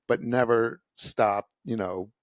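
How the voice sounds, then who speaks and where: A man's voice: mid-range voice, fairly even intonation, slow, no room sound, clean studio sound. A man as the author guest of an interview, telling his story with animation and acting out voices. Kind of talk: conversational interview.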